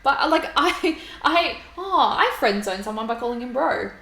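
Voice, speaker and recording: A woman's voice: a little high, lively intonation, normal speed, pushed and bright. A young Australian woman co-hosting a podcast, chatty and giggly, often trailing off mid-sentence. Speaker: podcast co-host. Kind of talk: casual chat. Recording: roomy room, faint noise.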